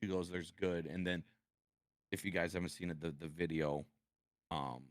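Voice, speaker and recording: A man with a very deep voice speaks as a podcast guest, starting and restarting his sentences as he talks about his past. The sound is close and dry, with no room around it. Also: fairly even intonation, no echo. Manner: halting, repeats words, opens up about hard past. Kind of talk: personal interview conversation.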